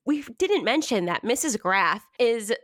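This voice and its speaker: A woman's voice: fairly high pitch, expressive, measured pace, fairly bright tone, dry recording, studio quality. A woman co-hosting a podcast, chatting casually and giggling often as she talks through a story. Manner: giggly, chatty, frequent laughter. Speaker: podcast co-host. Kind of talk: casual chat about a story.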